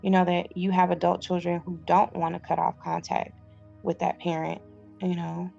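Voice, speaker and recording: A woman's voice: lowish voice, monotone, moderate pace, vocal fry, warm tone, muffled recording, faint music behind. A middle-aged woman, recording a casual vlog on her phone, reading book passages aloud and then chatting about them. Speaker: vlogger reading and reviewing a self-help book. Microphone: phone with headphones in.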